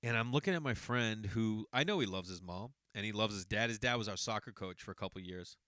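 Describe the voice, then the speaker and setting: A man in his forties with a lowish, bright, crisp voice tells a meandering story, often correcting himself mid-sentence. The sound is close and dry, with no room around it. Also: a little fast, no echo. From Boston area. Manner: rambling, self-correcting, conversational. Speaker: podcast host. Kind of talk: casual storytelling monologue.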